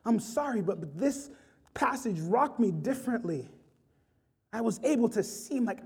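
A man's voice: high-pitched, animated, moderate pace, a little mellow, slightly rough. A man preaching an impassioned sermon, rising and falling in intensity. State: choked up with emotion.

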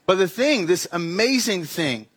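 A man's voice: sits high, sing-song, a little slow, a bit bright, husky. A young man telling a comic personal story in a talk, acting out the dialogue and making sound effects. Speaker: speaker giving a weekly message.

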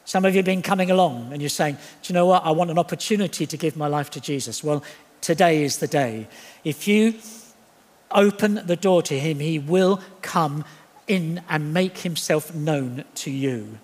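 A man preaching a sermon in church, animated and jokey, acting out the voices he quotes. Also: sits high, moderate pace. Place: church hall. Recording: long hall reverb.

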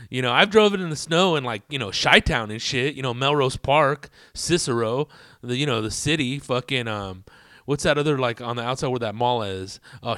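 A man's voice: medium pitch, sharp tone, no echo, clean studio sound. A young man telling a rambling story in a casual, profane, slang-heavy way to his viewers. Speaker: vlogger.

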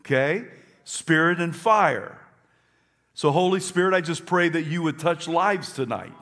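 A pastor gives an emphatic sermon in church, repeating phrases and leading the congregation to say them back. His slightly high voice is expressive and a bit bright, at a measured pace.

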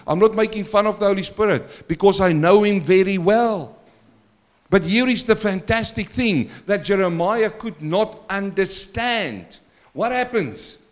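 Male pastor mid-sermon, higher-pitched, lively and questioning, booming then hushed. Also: measured pace. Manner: animated preaching with questions to the congregation; swings between loud exclamations and quiet asides.

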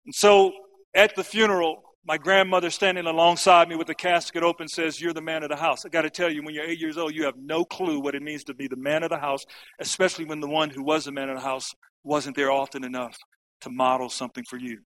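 A man's voice: on the high side, level tone, quick pace, fairly bright tone, low-quality recording. A middle-aged man from the United States, a camp speaker giving a personal testimony talk and briefly acting out the lines of people in his story.

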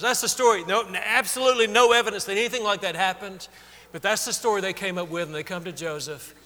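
High bright-voiced preacher in a hall. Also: male voice, fast. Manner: conversational, acts out quotes with rising emotion. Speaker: pastor. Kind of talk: sermon.

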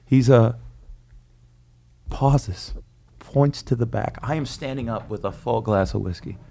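A man telling a rowdy story in a casual podcast chat, animated and swaggering, acting out the people he describes. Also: medium pitch, unhurried, vocal fry, a little hiss or hum. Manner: animated, swaggering storyteller who acts out the people in his stories. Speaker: podcast co-host.

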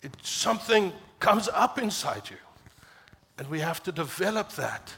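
A man preaching a sermon as pastor, passionate, climbing to emphatic peaks and dropping low and quiet when quoting scripture. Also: big pitch swings, unhurried, husky. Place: church.

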